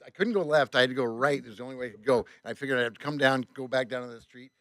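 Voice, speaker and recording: Bright-voiced man telling a wild road story. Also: medium pitch, very fast, dry recording. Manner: animated, swears often, acts out voices, many restarts. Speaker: tour bus driver. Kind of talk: casual storytelling.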